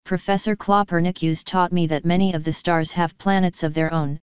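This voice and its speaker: A woman's voice: on the low side, fairly even intonation, moderate pace, clean tone, no room sound, lightly acted. A woman voicing an eager, studious young female unicorn who asks questions, in a storybook reading. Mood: curious. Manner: inquisitive. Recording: dull lo-fi dry recording.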